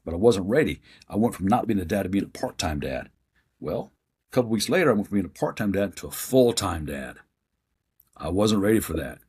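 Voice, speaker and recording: A man's voice: sits low, sing-song, fairly quick, a little mellow, husky. A man in his fifties, a podcast guest telling his life story in a plain-spoken, earnest way. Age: 50s.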